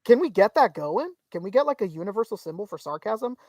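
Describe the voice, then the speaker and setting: A woman's voice: medium pitch, big pitch swings, fast talker, crowd noise. A woman co-hosting a casual live-stream podcast, reading viewer comments aloud in a chatty way with frequent restarts. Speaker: podcast co-host reading chat.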